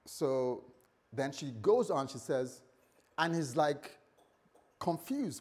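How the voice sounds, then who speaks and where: A man's voice: measured pace, a little mellow. A man preaching a morning sermon in a conversational way, joking with the congregation and acting out the story's dialogue. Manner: conversational, playful asides to the congregation; acts out dialogue with shifting pitch and volume.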